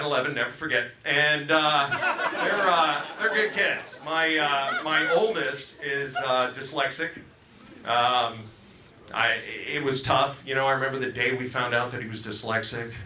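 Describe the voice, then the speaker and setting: Rambling comedian in an echoey club. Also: male voice, mid-range voice, moderate pace. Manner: loose, rambling delivery with fillers and acted-out quotes. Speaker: stand-up comedian. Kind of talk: stand-up comedy set. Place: comedy club stage before a live crowd. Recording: echoey club with crowd noise. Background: crowd laughter.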